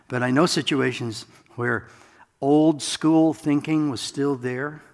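A man preaching a sermon in a relaxed, conversational way, with self-deprecating asides, in a church sanctuary. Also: medium pitch, slow pace, gravelly. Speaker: pastor. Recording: long hall reverb.

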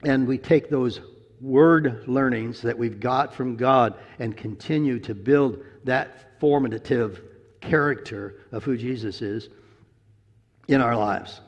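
A man's voice: medium pitch, slow pace, dull audio. A man preaching a sermon, telling a story in a folksy, chuckling way. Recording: long echo of a large hall.

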